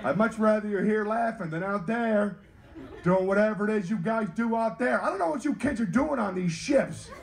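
A man's voice: high voice, normal speed, vocal fry. A man from North Carolina doing stand-up comedy and playful crowd work.

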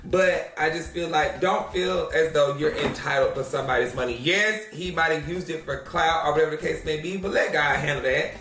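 Animated man dishing gossip in an echoey room. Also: on the high side, brisk, hardly any pauses, far from the mic, background noise. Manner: animated, drawling, says "child" often. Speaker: co-host of a gossip reaction show. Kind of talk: casual gossip commentary.

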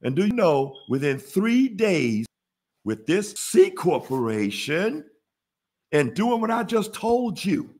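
Animated man teaching a money webinar. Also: high voice, slow. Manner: preachy, call-and-response, laughs at own jokes. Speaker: webinar host, business funding teacher. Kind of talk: casual motivational webinar teaching.

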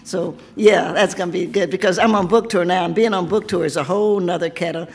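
A seventy-year-old woman from Tennessee, hoarse from losing her voice, reading a poem and then chatting with laughing asides. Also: fairly low pitch, fairly even intonation, brisk. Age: 70s. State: hoarse, lost voice. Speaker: author. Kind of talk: poetry reading then casual talk.

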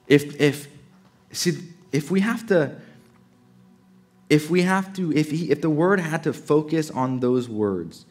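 Man preaching with sudden loud-soft swings. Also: fairly high pitch. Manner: stretches key words slowly for emphasis. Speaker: pastor. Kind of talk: sermon.

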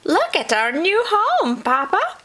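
A woman voicing a group of small young possums who cry out in high, plaintive voices in a children's storybook reading. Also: very slow, exaggerated voice. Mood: excited. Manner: crying out, plaintive.

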